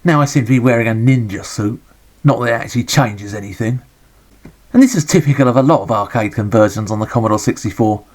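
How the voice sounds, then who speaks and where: A man's voice: medium pitch, quick pace, a little mellow. An English man giving a sarcastic, grumbling, joke-filled running commentary as he reviews a retro game.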